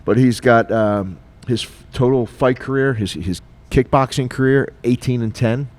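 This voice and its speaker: A middle-aged retired police officer co-hosting a podcast, telling a story in a lively, casual way and acting out the dialogue. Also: male voice, mid-range voice, moderate pace. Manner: animated, acts out dialogue, frequent fillers.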